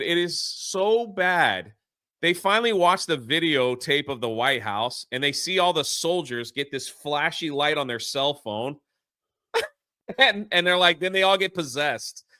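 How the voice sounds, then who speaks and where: Male podcast host, fairly high and bright, dry close sound, loose rambling recap. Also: smooth, dry recording. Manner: rambling plot recap with many fillers. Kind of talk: casual spoiler movie review.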